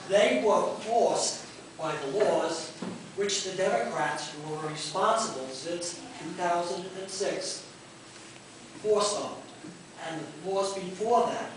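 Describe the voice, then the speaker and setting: A man's voice: high-pitched, noisy background. An older man at a town hall meeting, pleading emotionally with his congressman and apologizing for getting upset. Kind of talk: impassioned public question. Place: library meeting room. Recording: echoey room taped from far off.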